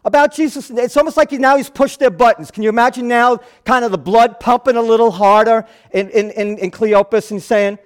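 A man pastor preaching a sermon, telling the story in an animated way that swings between loud and hushed. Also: very high-pitched, brisk, hardly any pauses, clean tone.

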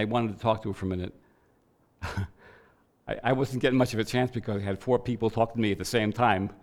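A man preaches to a church congregation and builds his message from a personal story. He tells it in an animated way and acts out the voices of the people he met. His voice sits in an average range for a man. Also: medium pitch.

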